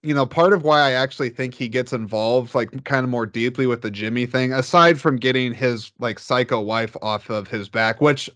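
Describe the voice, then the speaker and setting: A man talks casually on a podcast, his voice sitting in an ordinary middle register. He tells his stories in an animated way, often jumping up in pitch. The sound is close and dry, with no room echo. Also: moderate pace, hardly any pauses. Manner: animated storyteller who jumps up in pitch.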